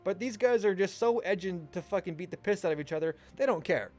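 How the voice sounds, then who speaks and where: A man's voice: sits high, fast talker. A young man streaming live, telling a story casually with lots of swearing and laughter. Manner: animated, profane, laughing often. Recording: faint music underneath. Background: faint music.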